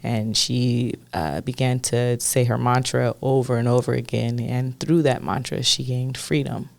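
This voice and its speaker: A woman co-hosts a podcast in easy, casual chat, laughing often and swearing freely. Her voice has a gravelly edge to it. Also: rumbling low, steady tone, measured pace, a little mellow, no room sound. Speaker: podcast co-host.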